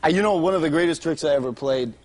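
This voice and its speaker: A man from Michigan with a high, thin voice, doing stand-up and joking through his lines with a laugh. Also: rapid-fire. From Michigan, USA. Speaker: stand-up comedian and guest. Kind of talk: stand-up routine and talk-show chat. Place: television studio stage.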